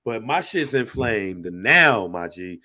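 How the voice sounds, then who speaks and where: A man's voice: lowish voice, slow pace. A man co-hosting a podcast, telling a story in casual chat full of slang and swearing. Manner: profane, animated storytelling with slang. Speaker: podcast co-host.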